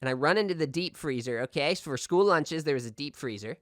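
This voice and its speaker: A man's voice: a little high, lively intonation, fast, a bit bright, no room sound, studio quality. An actor playing a radio call-in host in a comedy audio drama, rambling through a story and tacking "okay?" onto his lines.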